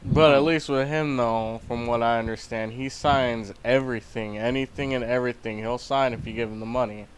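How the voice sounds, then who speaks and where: A man's voice: medium pitch, steady tone, moderate pace, hardly any pauses, slight background noise, low-quality recording. A man chatting casually as a podcast co-host, easygoing, adding his own take. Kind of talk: casual chat.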